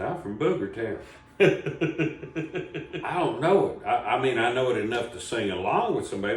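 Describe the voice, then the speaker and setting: Man, folksy storyteller, rambling comic host, echoey room, mic a bit distant. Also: medium pitch. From Southern Appalachia, US. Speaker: comedy show host. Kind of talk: casual storytelling. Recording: echoey room, voice from a distance, faint background noise.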